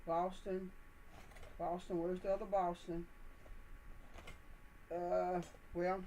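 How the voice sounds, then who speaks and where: Woman, gardening vlogger, mid-pitched, folksy and encouraging, faint hiss behind. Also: dark tone, poor audio. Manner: folksy, chatty, encouraging, addresses viewers as y'all. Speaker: gardening channel host. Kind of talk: casual how-to demonstration. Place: indoors, potting plants.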